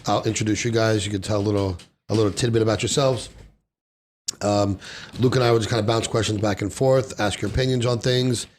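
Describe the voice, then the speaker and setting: A man hosting a casual podcast, joking and brash, with a rough voice. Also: on the low side, steady tone, fairly quick, a little hiss or hum. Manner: joking, brash, swears often. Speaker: podcast host.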